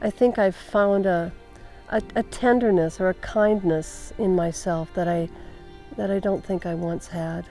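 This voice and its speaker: Older woman with a gravelly, mellow voice. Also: fairly low pitch, fairly even intonation, unhurried, soft background music. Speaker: long-distance horseback rider. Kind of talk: documentary interview reflection.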